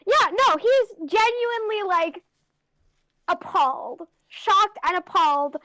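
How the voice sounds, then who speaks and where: High-voiced woman tabletop player. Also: animated, takes it slowly, pushed and bright, dry recording, rough recording. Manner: playful, describing her character. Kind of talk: playing a tabletop game.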